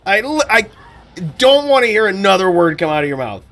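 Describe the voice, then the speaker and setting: A man's voice: high-pitched, very animated, fast talker, pushed and bright. A man hosting a live stream, chatting bluntly and profanely, then calling game fights. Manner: casual, profane, blunt opinions. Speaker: streamer and commentator.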